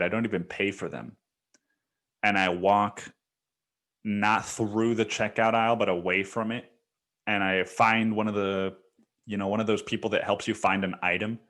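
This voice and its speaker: A man's voice: lowish voice, fairly bright tone. A man hosting a solo podcast, recounting a dream in a casual, profane storytelling manner. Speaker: podcast host.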